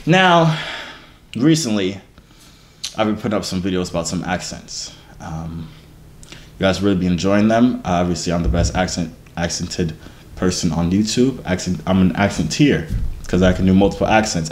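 A man's voice: low voice, lively intonation, normal speed, a little mellow, roomy sound. A twenty-year-old man from New Jersey, a YouTuber, boasting and joking in slangy casual banter on a phone video chat.

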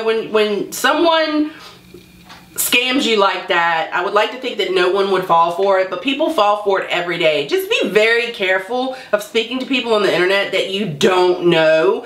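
A woman's voice: medium pitch, lively intonation, normal speed, fairly bright tone, reverberant. A woman vlogger telling a personal story to camera in a candid, chatty and wry way.

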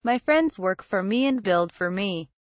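A woman's voice: medium pitch, animated, measured pace, no echo, natural voice. A woman voices a deranged man who sneers and gloats, sure of his own greatness. The taunting comes out cold and mocking. The sound is dry and close, with no room. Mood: gloating. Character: smug deranged male villain uncle.

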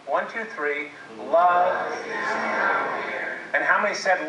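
A man's voice: on the high side, expressive, a little slow, noisy background. A man presenting a seminar talk to an audience, telling stories with jokes and questions for the crowd. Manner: jokey storytelling, addresses audience. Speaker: marriage seminar speaker. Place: classroom, video played on a TV. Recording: echoey video playback from far off.

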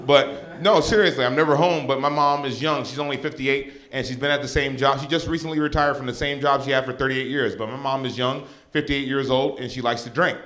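A male stand-up comedian telling an animated story on a comedy club stage. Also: mid-range voice, a little fast, hardly any pauses. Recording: live stand-up with crowd laughter.

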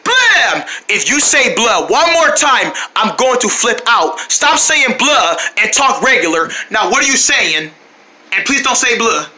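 A woman voicing an excitable, bossy kid friend who talks in excited shouts and scolds others in a homemade toy movie. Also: fairly high pitch, a little slow, full character voice. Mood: exasperated.

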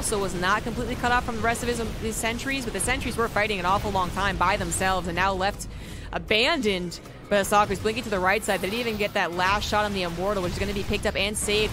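An American woman giving casual live game commentary as a caster, rambling and correcting herself as she goes. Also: mid-range voice. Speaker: esports caster. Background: music.

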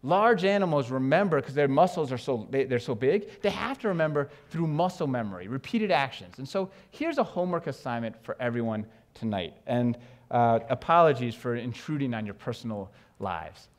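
A man from New York giving an animated conference talk on stage, joking with the audience and asking it questions. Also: mid-range voice, normal speed. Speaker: education speaker.

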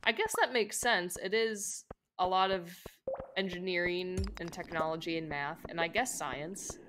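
A young woman streamer chatting casually with viewers while playing, rambling with lots of "like" and quick laughs. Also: fairly low pitch, steady tone, background noise. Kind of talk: casual gameplay chat with viewers.

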